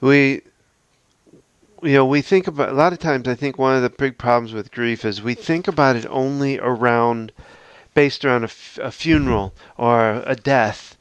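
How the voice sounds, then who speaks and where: Male podcast host, mid-pitched, reflective and earnest, unscripted, smooth voice. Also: normal speed, no room sound. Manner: earnest, reflective, talks through a numbered list.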